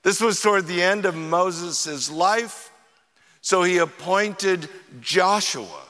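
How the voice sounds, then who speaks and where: A man's voice: on the high side, bright, forceful tone. A man preaching a sermon as pastor, talking conversationally and acting out the disciples' sarcastic replies. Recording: echoey hall with long reverb.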